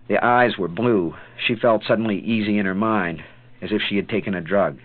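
A man narrating an audiobook in a measured, dramatic way. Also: on the low side, no echo. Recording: tinny phone-like sound.

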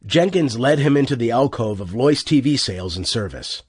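A man narrating an audiobook with expressive, tense storytelling. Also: fairly low pitch, normal speed, few pauses, breathy edge, no echo, studio quality.

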